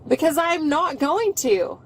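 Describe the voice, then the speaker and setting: A woman being arrested, talking back in a defiant, mocking way and breaking into shouts and laughter, caught by a police body camera in a car. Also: high voice, very animated, unhurried, a little hiss or hum. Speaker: arrested driver. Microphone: officer's body camera.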